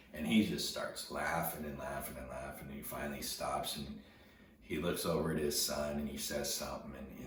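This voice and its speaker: A middle-aged man telling a personal story in a halting way, often repeating words as he recalls events. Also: rumbling low. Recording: very echoey room, distant mic, noticeable background noise.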